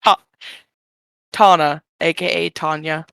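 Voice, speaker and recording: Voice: medium pitch, fairly even intonation, takes it slowly, gravelly, a bit bright, clean tone, no echo. A player in an online tabletop game, chatting playfully and joking with the group. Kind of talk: casual game chat.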